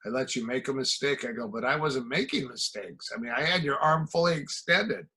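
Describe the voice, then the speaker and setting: Animated man telling martial arts stories. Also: medium pitch, brisk, husky, poor audio. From American Midwest. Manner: animated anecdotes, acting out quoted exchanges. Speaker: guest, martial arts coach. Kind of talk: casual storytelling.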